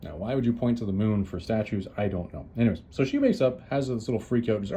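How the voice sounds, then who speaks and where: A man's voice: lowish voice, expressive, quick pace, dark tone, slight background noise. A man casually retelling a story as a host, chatty and loose, with lots of "uh"s and restarts. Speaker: comics reviewer, host.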